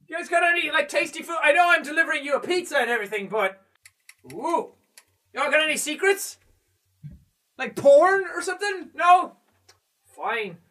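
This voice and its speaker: High-voiced guy yelling and cursing thru a scary game, lively swings, mic a bit far, faint music. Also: normal speed, pauses often. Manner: jumpy, swearing, shouting when scared. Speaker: gamer playing a horror game. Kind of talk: let's play commentary.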